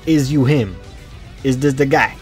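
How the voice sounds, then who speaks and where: A man's voice: medium pitch, measured pace, faint music behind. A young man giving goofy, slangy comedic commentary over his own gameplay, trash-talking the other players. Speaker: gaming video creator.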